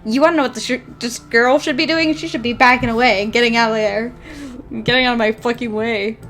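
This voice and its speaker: A young woman playing through a visual novel and mocking it, sarcastic and quick to swear. Her voice sits fairly high. Faint music plays underneath. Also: steady tone, a bit bright. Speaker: gaming YouTuber. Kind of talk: profane visual novel commentary.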